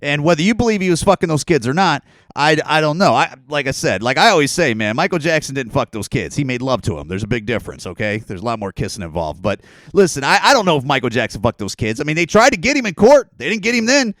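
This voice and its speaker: A man's voice: a little high, sing-song, quick pace, fairly bright tone, no echo. A man hosting a podcast alone, talking in a rambling, profane, sarcastic way. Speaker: podcast host. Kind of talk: casual solo podcast rant.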